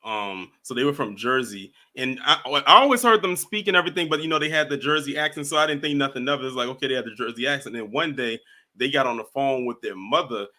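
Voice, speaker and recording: Bright-voiced man hosting a call-in. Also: mid-range voice, fast talker. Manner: animated, laughs while telling stories. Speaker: host of a call-in stream. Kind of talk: casual chat.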